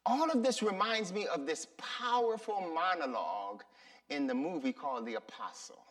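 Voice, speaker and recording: A man preaching a sermon, slow and emphatic, often repeating his words for effect. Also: a little high, gravelly, pushed and bright, far from the mic. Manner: slow, deliberate and emphatic, with repetitions. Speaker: pastor.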